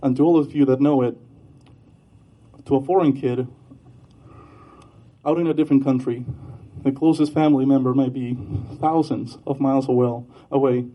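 Halting, husky man speaking at a memorial, muffled lo-fi recording. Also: medium pitch, steady tone. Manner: halting, with fillers and soft laughs. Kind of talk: heartfelt memorial speech. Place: Iowa.

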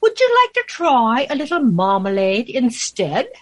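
A woman voicing a gentle, coaxing queen while reading a children's poem aloud. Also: a little high, big pitch swings, measured pace, full character voice.

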